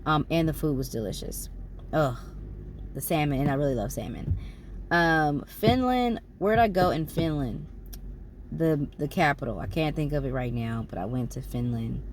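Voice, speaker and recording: A woman's voice: low-pitched, normal speed, a little hiss or hum. A woman, rambling casually through a travel recap with fillers and self-corrections. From United States. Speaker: travel vlogger.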